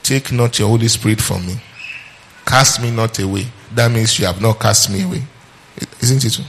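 Over slight background noise, a creaky, lowish, somewhat bright male voice preaches a sermon. He quizzes the congregation, reads scripture, slows on key verses, and repeats phrases to drive points home.

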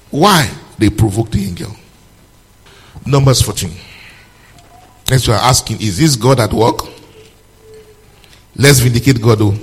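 Husky male preacher in a reverberant hall. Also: medium pitch. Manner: preaches with rhetorical questions to the congregation. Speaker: pastor. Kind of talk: sermon with scripture reading.

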